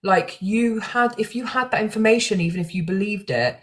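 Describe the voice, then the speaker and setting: A woman's voice: mid-range voice, moderate pace. A young woman talking to camera about true crime, emotional and rambling, with restarts and fillers. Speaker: true crime content creator. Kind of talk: casual talk to camera.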